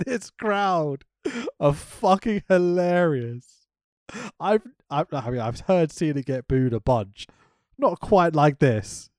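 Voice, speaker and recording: A man's voice: fairly high pitch, animated, slow pace, darkish tone, no room sound, studio quality. A man co-hosting a casual chat show, swearing freely, joking and laughing often. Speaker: podcast co-host.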